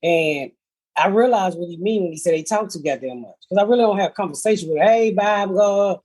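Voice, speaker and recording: A woman's voice: mid-range voice, fairly quick, darkish tone, slightly rough. A middle-aged woman hosting a podcast, telling blunt, profane comedic stories in casual chat.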